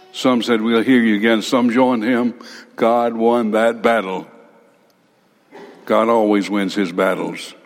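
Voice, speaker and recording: A man preaching a sermon dramatically, acting out listeners and swinging between loud emphasis and hushed asides. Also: medium pitch. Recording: long hall reverb.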